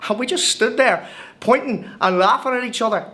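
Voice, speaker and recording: A man's voice: extremely high pitch, moderate pace, bright, forceful tone. A cheerful Irish newcomer, chatty and wide-eyed, telling his tale in a scripted film monologue. The Irish accent is there from the first line. He talks wryly and stumbles over a word now and then. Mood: wry storytelling. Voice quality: chatty, wry storytelling with hesitant restarts. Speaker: monologue narrator.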